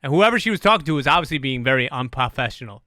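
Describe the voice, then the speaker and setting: A middle-aged man hosting a podcast, talking in an animated, profane, self-deprecating casual chat. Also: fairly high pitch, rapid-fire, no echo, clean studio sound. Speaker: podcast host.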